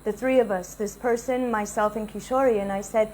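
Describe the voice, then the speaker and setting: A woman's voice: medium pitch, fairly even intonation, fairly quick, darkish tone, low-quality recording. A woman giving a devotional talk, earnestly telling a personal story and acting out the dialogue. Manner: earnest, confessional, retells dialogue. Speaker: spiritual speaker.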